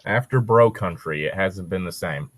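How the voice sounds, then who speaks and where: A man's voice: low-pitched, normal speed, no echo. A man running a tabletop role-playing game as game master, chatting casually and giving dry opinions.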